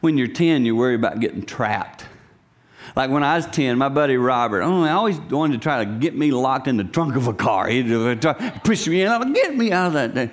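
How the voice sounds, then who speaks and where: A middle-aged man preaching a sermon to his congregation. He talks animatedly, swinging between loud lines and hushed whispers and acting out voices. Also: mid-range voice, expressive, normal speed. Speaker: pastor.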